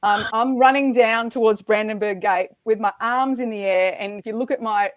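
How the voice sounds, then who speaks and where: A middle-aged woman, a podcast guest, telling a race story in a lively, animated way and acting out the quotes. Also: fairly high pitch, moderate pace, no room sound. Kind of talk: storytelling in casual chat.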